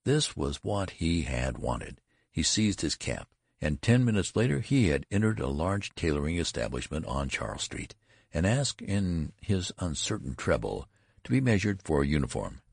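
A male narrator reading a classic story in a measured, expressive way. His voice is extremely deep with a gravelly fry and a husky edge, and the recording is close and dry. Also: no room sound. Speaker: audiobook narrator. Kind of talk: scripted narration.

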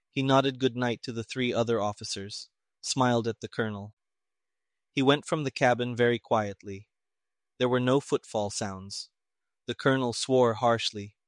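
This audiobook narration features a man with a mid-range voice telling a story evenly and with measure. The studio recording is clean, without any room sound.

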